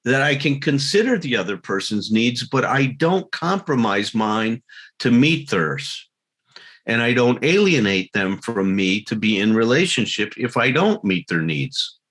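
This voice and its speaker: A man's voice: medium pitch, big pitch swings, unhurried, fairly bright tone. A man giving a talk to a recovery group, earnest, laughing at himself now and then and acting out little quarrels. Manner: earnest, acts out quarrels in quoted voices.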